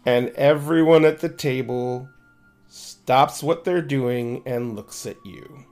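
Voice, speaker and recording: Man, game master, tabletop narration, fast, restarts a lot, faint background music. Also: medium pitch, darkish tone. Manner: quick, with many restarts.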